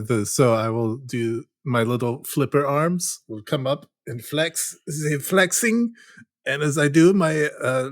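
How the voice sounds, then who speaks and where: A man's voice: mid-range voice, dry recording. Playful man playing a tabletop game. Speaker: player.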